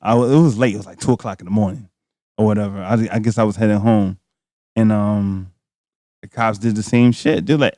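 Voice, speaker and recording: A man's voice: lowish voice, fairly quick, no room sound, clean studio sound. Laughing New man telling stories. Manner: animated, laughing, slangy. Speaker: podcast co-host. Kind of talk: casual comedic storytelling.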